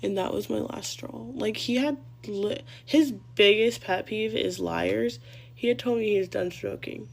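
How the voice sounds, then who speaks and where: A woman's voice: medium pitch, measured pace, creaky. A young woman telling a rambling, profane story in a casual vlog.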